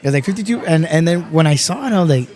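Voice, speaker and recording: A man from Texas, a podcast guest, telling stories in a casual, animated way, swearing often and calling everyone bro. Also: on the high side, rapid-fire, a faint crowd. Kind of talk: casual chat.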